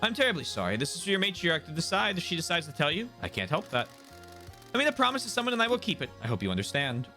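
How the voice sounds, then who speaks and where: A man voicing a gentle elderly woman who runs a café, in a soft, apologetic manner. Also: a little high, sing-song, rapid-fire, soft background music, full character voice.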